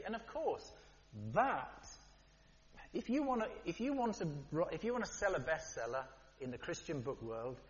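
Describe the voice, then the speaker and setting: A man preaching a sermon in a lively, conversational way, with playful asides. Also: fairly high pitch, moderate pace. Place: church hall. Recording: dull, long-reverb church hall.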